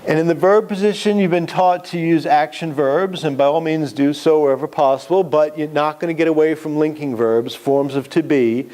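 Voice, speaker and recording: A man's voice: fairly high pitch, moderate pace, hardly any pauses, a little mellow. A man giving a live classroom lecture on writing, explaining step by step with examples.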